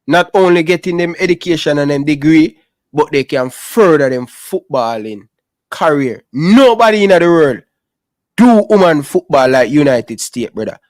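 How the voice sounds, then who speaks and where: A man's voice: a little high, no room sound, studio quality. A man with a Jamaican accent hosting a live call-in sports talk show, talking in patois and calling people brother. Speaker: show host.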